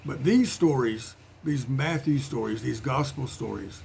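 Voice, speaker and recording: A man's voice: medium pitch, measured pace, vocal fry, a little mellow, breathy edge. A man giving an informal sermon in a conversational way, with playful voiced asides. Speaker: preacher.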